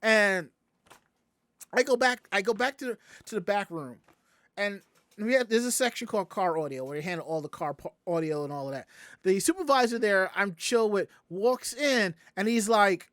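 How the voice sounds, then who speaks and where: A man's voice: sits high, moderate pace, dry recording. Southern guy hosting a podcast, telling a long story, does all the voices in it, dry close mic. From Southern United States. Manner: animated, acts out quoted voices. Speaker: podcast host.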